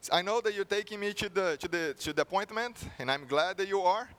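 A man's voice: high-pitched, fairly quick, fairly bright tone. A man voicing a worried young nephew who anxiously pleads with his uncle. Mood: pleading.

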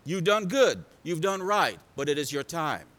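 A preacher voicing Isaiah, a stern prophet with grave news. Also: male voice, fairly high pitch, sing-song, a little slow, a bit bright, long reverb tail. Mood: solemn.

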